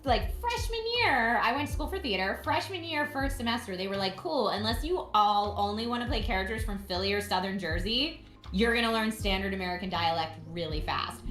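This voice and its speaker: A woman from Philadelphia telling animated stories in casual chat. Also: medium pitch, brisk. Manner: animated storytelling. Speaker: guest. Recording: roomy echo, faint music.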